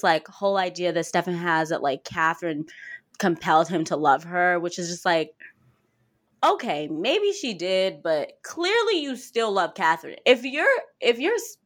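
A woman co-hosting a podcast, recapping a TV episode in casual chat, telling it with animated quotes and swearing freely. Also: fairly low pitch. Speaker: podcast co-host.

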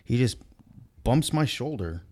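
A man in casual chat, telling a long story with blunt, profane, animated retelling. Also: mid-range voice, measured pace.

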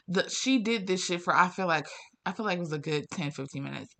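Speaking a little fast in a sharp tone, a young female vlogger unloads a foul-mouthed rant at the camera. She keeps asking exasperated rhetorical questions, and her pitch jumps whenever she gets riled.

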